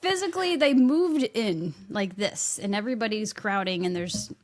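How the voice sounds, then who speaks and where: A woman's voice: mid-range voice, lively intonation, moderate pace. A middle-aged woman co-hosting a podcast, telling a story in casual chat and laughing as she goes. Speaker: podcast co-host.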